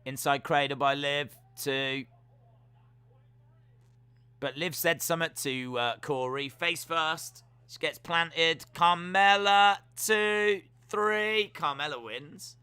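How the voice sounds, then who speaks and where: A man giving jokey live reactions while watching a wrestling show, now and then letting out sudden loud yells. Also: a little high, steady tone, takes it slowly, smooth. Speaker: wrestling watch-along streamer.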